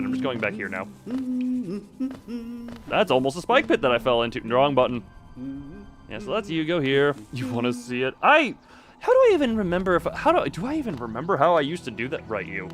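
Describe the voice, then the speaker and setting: Rambling male game streamer, lively voice. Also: medium pitch. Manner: rambling, self-interrupting, talks to chat and to himself. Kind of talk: casual live-stream chat while playing.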